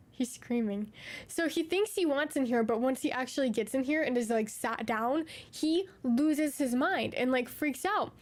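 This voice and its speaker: A woman streamer chatting casually with viewers from her room at home, gushing and doting, slipping into baby talk. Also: high-pitched.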